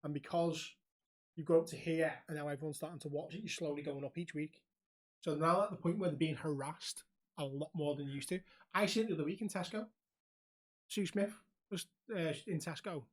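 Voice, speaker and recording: A man's voice: a little high, brisk. A young man chats loosely on a podcast. He tells stories with plenty of laughs and swearing thrown in. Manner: animated storyteller, laughs often, swears freely. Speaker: podcast co-host. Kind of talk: casual chat.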